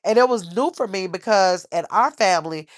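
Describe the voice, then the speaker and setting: A woman's voice: medium pitch, animated, normal speed, no echo, studio quality. A middle-aged woman hosting a casual livestream, rambling and reading viewer comments aloud. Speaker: livestream host.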